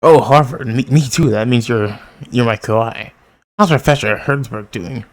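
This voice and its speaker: A man casually reading a manga aloud, reading out the character lines, commenting and laughing as he goes. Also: mid-range voice. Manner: reads character lines in quick voices and laughs often; excited outbursts. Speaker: manga reader. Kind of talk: casual read-along with commentary.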